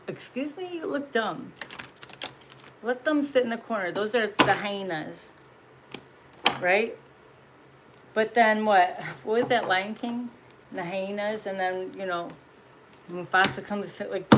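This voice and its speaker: A woman with a medium-pitched voice offers a casual spiritual message as a tarot reader, speaking bluntly and profanely, often laughing and stressing her points. Background noise is present.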